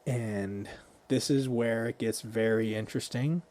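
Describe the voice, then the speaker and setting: A man's voice: medium pitch, steady tone, a little slow, darkish tone. A man co-hosting a podcast, casually retelling a movie scene by scene and swearing freely. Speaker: podcast co-host.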